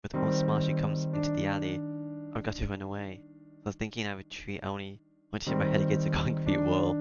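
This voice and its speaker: Deep, flat-voiced man reading a visual novel. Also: fast, lo-fi sound, loud music behind the voice. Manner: reads first-person narration, breaks off for joking asides. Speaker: let's-play streamer.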